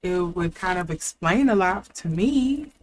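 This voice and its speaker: A woman's voice: lowish voice, lively intonation, a little slow, a little mellow, a little hiss or hum. A young adult woman giving a casual tarot reading, thinking aloud with fillers and restarts. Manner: chatty, thinking aloud, with fillers and self-corrections. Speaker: tarot reader.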